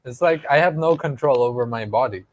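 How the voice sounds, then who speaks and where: A man's voice: medium pitch, fairly quick. A young man, co-hosting a podcast. He teases his friend, laughs a lot and drives his points home with "okay?". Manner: teasing, laughing, emphatic "okay?". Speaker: podcast co-host. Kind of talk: casual chat.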